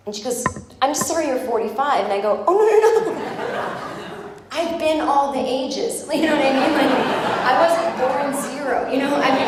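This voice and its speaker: A woman's voice: fairly high pitch, background noise. A woman in her forties from the United States doing a rambling, self-deprecating stand-up set on a club stage. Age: 40s. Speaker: stand-up comedian. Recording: very echoey live club recording. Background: audience laughter.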